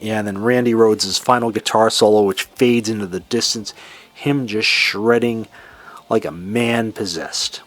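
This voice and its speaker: A man with a Boston accent hosting a solo classic rock show, talking with excitement and now and then singing bits of lyrics. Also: lowish voice, measured pace. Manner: enthusiastic, sings lyrics and imitates singers. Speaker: podcast host. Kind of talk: casual solo music commentary.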